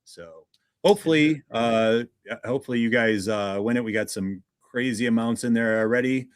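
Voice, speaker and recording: A man's voice: medium pitch, moderate pace, clean tone, dry recording. A man hosting a casual livestream, chatty and greeting viewers one by one. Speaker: livestream host.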